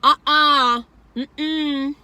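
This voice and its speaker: A woman's voice: high voice, steady tone, very slow, bright, forceful tone. A woman from the northern United States chatting emphatically and rambling while taste-testing a dessert for her vlog. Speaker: vlogger. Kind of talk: casual food review chat.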